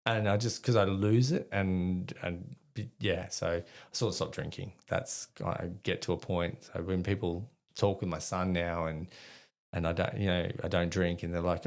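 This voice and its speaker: A man's voice: low-pitched, flat delivery, normal speed, darkish tone. A middle-aged Australian man telling rambling, profane stories about his past as a guest in an interview, laughing at himself. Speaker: guest, army veteran. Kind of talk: casual storytelling in an interview.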